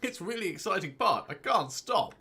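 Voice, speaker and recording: Guy reading as a busy distracted bookworm, bright tone. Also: high-pitched, sing-song, fairly quick, husky, soft background music, voice pushed up, full character voice. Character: busy bookworm man hooked on his novel.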